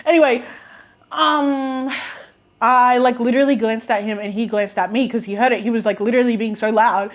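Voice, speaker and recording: A young woman in her twenties telling stories in a chatty, animated, slangy way, with laughs and restarts. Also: on the high side, moderate pace. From Australia. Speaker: vlogger. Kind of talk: casual storytime.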